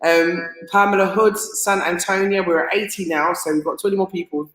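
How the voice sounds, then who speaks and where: A woman hosts a casual live stream chat, reading out viewers' comments and greeting each person in turn. She has a lowish voice and moderate pace, sounds excitable, laughs easily, and stumbles over unfamiliar names, all with a roomy echo.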